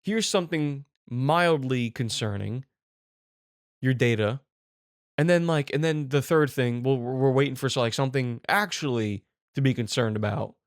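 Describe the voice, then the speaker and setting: A man's voice: medium pitch, normal speed, no room sound, clean studio sound. A man hosting a comedy show with brash, profane, mock-exasperated news riffs.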